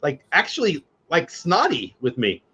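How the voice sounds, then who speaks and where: A man co-hosts a casual sports watch-party chat, his voice sitting a bit high. He tells work stories bluntly and with animation, acting out the people in them. The sound is dull and lo-fi. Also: huge pitch swings, measured pace, pushed and bright, slightly rough. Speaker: co-host.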